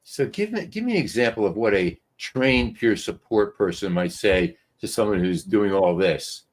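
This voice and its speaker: Deep, lively male radio host asking questions. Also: normal speed. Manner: probing, conversational questions. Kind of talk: interview questioning.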